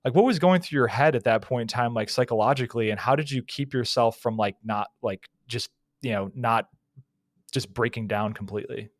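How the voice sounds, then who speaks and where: Young guy hosting a podcast, mid pitch, lots of likes and you knows, dry sound. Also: brisk, no echo. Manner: casual, many fillers like "like" and "you know". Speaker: podcast host. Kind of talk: interview questions.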